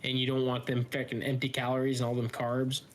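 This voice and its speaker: A man's voice: mid-range voice, monotone, fast. Rambling Midwestern guy swearing freely. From American Midwest. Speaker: podcast co-host. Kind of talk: casual banter.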